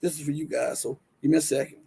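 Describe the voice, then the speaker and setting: Slight background noise sits behind this man's slightly high, creaky voice as he talks fast. Hosting a casual livestream in a Southern US accent, he animatedly addresses viewers and reads from his screen, restarting often and using many fillers.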